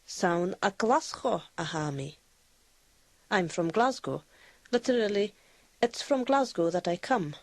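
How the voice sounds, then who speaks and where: Woman, language lesson narrator, slow careful delivery, dry recording. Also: lowish voice, lively intonation, dry recording. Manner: measured, explaining with repeated examples. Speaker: language teacher.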